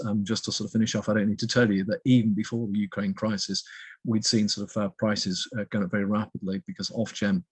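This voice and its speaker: Husky-voiced man, hesitant expert. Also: on the low side, dry recording. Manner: hesitant, heavy use of fillers like "sort of". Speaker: guest expert, economist. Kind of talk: interview answer.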